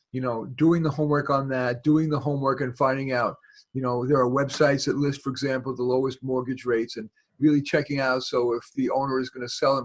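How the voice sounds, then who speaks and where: Husky man rambling through advice. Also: medium pitch. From New York. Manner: rambling, many restarts and fillers. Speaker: guest expert. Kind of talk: casual advice on a video call.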